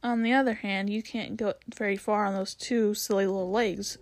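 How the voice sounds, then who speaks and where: A woman voicing a proud, bossy male talking war horse in a storybook read-aloud, brisk and commanding. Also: medium pitch, fairly even intonation, no echo, lightly acted. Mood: urgent.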